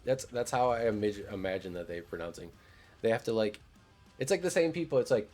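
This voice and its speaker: A man's voice: medium pitch, lively intonation, fairly quick, darkish tone, faint music behind. A man streaming a game, chatting casually in a laid-back, joking way, swearing freely. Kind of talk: casual gameplay commentary.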